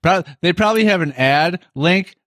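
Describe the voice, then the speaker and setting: A man's voice: high voice, animated, moderate pace, a bit bright, no room sound, studio quality. A man co-hosting a podcast, rambling and joking in casual chat. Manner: rambling, jokey, reads listener stories aloud. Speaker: podcast co-host.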